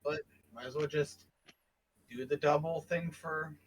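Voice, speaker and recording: A man's voice: on the high side, fairly even intonation, a little slow, slight background noise, poor audio. A man playing in a tabletop game, chatting casually and thinking aloud, often restarting his sentences. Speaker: player.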